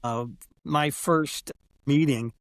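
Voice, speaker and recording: This older man has a fairly high voice and talks slowly, recorded in a studio with no echo. As a sports executive guesting on a podcast, he spins casual anecdotes with animation. He performs the quoted exchanges from past conversations as he goes.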